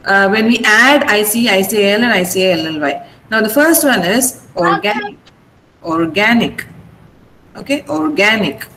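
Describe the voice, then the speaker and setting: A woman's voice: mid-range voice, animated, normal speed, hardly any pauses, pushed and bright, a little hiss or hum, low-quality recording. A woman teacher running an online class, patiently spelling out word endings and explaining which syllable is stressed. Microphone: video call.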